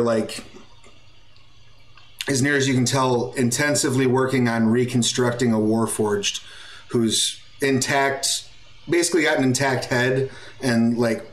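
A man running a tabletop game as game master, narrating scenes in a relaxed, chatty way with lots of fillers. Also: medium pitch, roomy sound, low-quality recording.

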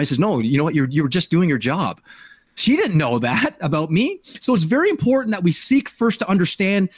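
A man's voice: on the high side, sing-song, fast talker, husky, no room sound. A middle-aged man hosting a podcast, telling an emotional personal story in an earnest way and often repeating words as he searches for them. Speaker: podcast host.

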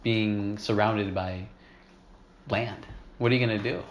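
Young guy, teasing mock-interviewer co-host, lowish voice, echoey room. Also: steady tone, a little slow, a little hiss or hum. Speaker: podcast co-host. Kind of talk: casual chat.

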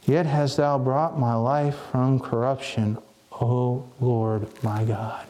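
A man's voice: mid-range voice, steady tone, takes it slowly, dark tone. A man preaching a sermon in an earnest, reflective way, often restarting his phrases.

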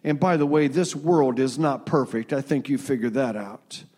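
A man in his sixties, a pastor, preaching a sermon in a church, telling stories earnestly and slowing down to quote scripture. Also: mid-range voice, a little mellow. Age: 60s.

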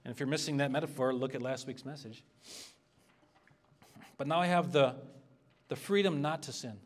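A man's voice: mid-range voice, moderate pace. A man preaching an expository sermon as a pastor, earnest and conversational, asking the congregation for responses.

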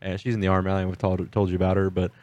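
Low-voiced laid-back podcast guy. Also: flat delivery, racing, darkish tone. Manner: laid-back, swears casually, tells jokes. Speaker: podcast co-host. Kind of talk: casual chat, joke telling.

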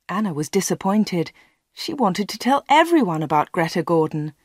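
A woman narrating a storybook slowly and clearly for learners. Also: lowish voice, sing-song, darkish tone, dry recording, studio quality. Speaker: audiobook reader.

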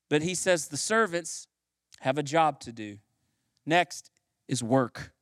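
A man preaching a sermon, emphatic and repetitive, rising in pitch on key phrases. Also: fairly bright tone, no echo, clean studio sound. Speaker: pastor.

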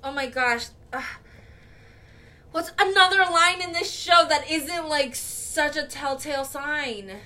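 A woman's voice: sits high, slow, sharp tone. A young woman co-hosting a casual podcast, rambling with lots of fillers and giggles. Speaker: podcast co-host. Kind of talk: casual chat.

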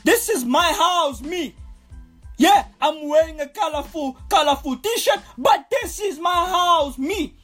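A woman's voice: very high-pitched, lively intonation, slow, fairly bright tone, faint music behind, pitched above the performer's own voice, exaggerated voice. A woman voicing a macho talking flag that blusters and keeps insisting that it must be respected. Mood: blustering.

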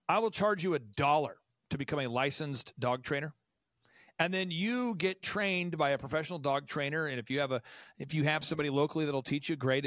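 A man in his forties with an American accent, giving animated business advice as a podcast guest and acting out the people he quotes. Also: fairly high pitch, dry recording, studio quality. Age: 40s. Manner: animated, acts out quoted voices. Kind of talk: enthusiastic business advice talk.

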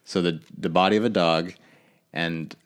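Man, easygoing podcast co-host, lowish voice, trails off mid-thought. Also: steady tone, normal speed, clear, resonant tone. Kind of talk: casual chat.

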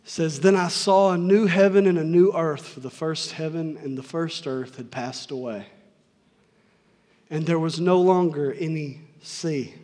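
A man preaches with fervor, repeating key lines to drive them home. His voice sits high for a man. A long reverb from the sanctuary trails each phrase. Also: measured pace, darkish tone. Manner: fervent, repeats lines for emphasis. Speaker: pastor. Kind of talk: sermon. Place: church sanctuary.

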